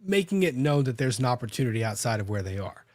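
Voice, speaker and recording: A man talks through a courtroom story in relaxed podcast chat, stopping and restarting his sentences as he goes. His voice sits at a middle pitch. The recording is dry and close, with no room sound. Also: fast, no echo. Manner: conversational, frequent restarts and self-corrections. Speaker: lawyer and podcast host.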